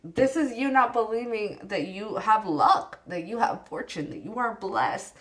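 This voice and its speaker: A woman's voice: mid-range voice, unhurried. A woman giving a casual pick-a-card tarot reading, playful and affectionate, teasingly scolding the cards as she reads their texts aloud and riffs on them. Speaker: tarot reader.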